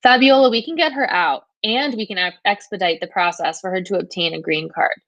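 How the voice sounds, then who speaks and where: A persuasive woman detective presses her case in a smooth, coaxing tone, as a teacher reads her part. The voice sits in a middle range and the sound is dry and close. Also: medium pitch, a little fast, a bit bright, no echo, lo-fi sound, natural voice.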